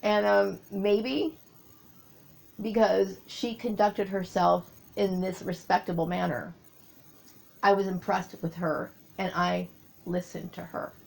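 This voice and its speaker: A woman talking through a personal memory in a rambling monologue, often pausing to search for her words. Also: mid-range voice, steady tone, creaky, low-quality recording.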